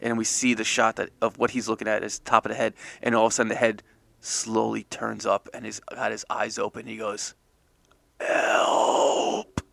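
A man co-hosting a comedy podcast, improvising a horror movie plot and acting out the characters with sudden high yells. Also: level tone, brisk, gravelly, dry recording. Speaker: podcast co-host.

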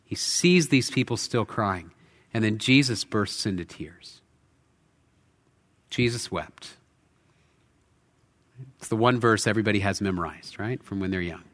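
A male pastor preaching a sermon in a church, earnest, shifting between intense emphasis and quiet reflection. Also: fairly low pitch, fairly quick. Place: church sanctuary. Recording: long hall reverb.

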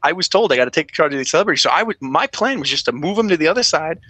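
Husky, animated ex-cop telling stories. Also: male voice, on the high side, racing. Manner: profane, lively, acts out quotes in a raised voice. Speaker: former police officer, podcast guest. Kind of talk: animated storytelling.

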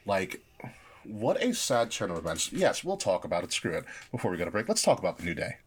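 A man co-hosting a casual podcast about wrestling, talking animatedly and often restarting his sentences when excited. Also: on the low side, fairly quick, slightly rough. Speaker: podcast co-host.

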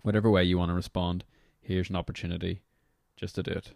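A young man with a very low, deep voice hosts a devotional podcast. He talks in a loose, rambling way, apologizing for his tangents as he leads into guided prayer. The sound is dry and close-miked. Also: level tone, quick pace, vocal fry, darkish tone, no room sound. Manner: casual, rambling, apologetic asides. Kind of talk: reflective podcast talk leading guided prayer.

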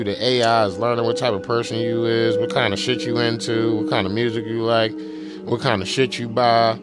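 Profane rambling man over music. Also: mid-range voice. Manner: loose, profane, rambling with many fillers. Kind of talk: casual monologue. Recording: music playing behind the voice.

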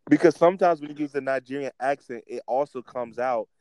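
A young man co-hosting a casual wrestling chat, talking in an animated, rambling way with restarts. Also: medium pitch, brisk, no echo, poor audio. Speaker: podcast co-host.

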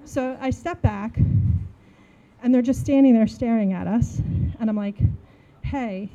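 A woman in her forties from New Jersey, telling a funny story in a casual, animated way and acting out the dialogue. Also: on the high side, measured pace, lo-fi sound. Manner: animated, acts out dialogue, laughs while telling.

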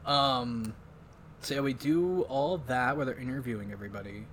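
A man's voice: mid-range voice, normal speed, a little hiss or hum. A man hosting a casual podcast, rambling and swearing as he recaps a film and mimics its lines. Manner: rambling, swearing, quotes lines in put-on voices. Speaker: podcast host. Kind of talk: casual chat.

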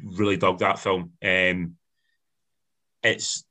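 A man's voice: sits low, flat delivery, takes it slowly, sharp tone. A man in a casual film review chat, giving blunt opinions in rambling sentences that often restart. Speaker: film podcast co-host.

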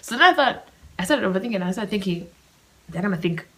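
A young woman hosts a casual solo storytime podcast, rambling and animated and often dropping into a whisper. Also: mid-range voice, quick pace, low-quality recording. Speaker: podcast host.

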